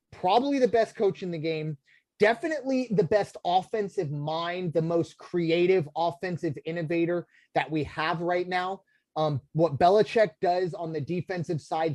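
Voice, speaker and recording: A man's voice: fairly high pitch, a little mellow, no room sound. Rambling American man on a podcast. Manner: rambling, filler-heavy, many restarts. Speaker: podcast co-host. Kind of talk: casual sports talk.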